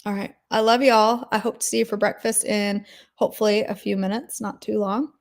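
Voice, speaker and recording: A woman's voice: medium pitch, fairly even intonation, fairly quick. A woman hosting a daily devotional, leading an earnest spoken prayer and then chatting casually with her listeners. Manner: earnest, intercessory, repetitive phrasing. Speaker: devotional host.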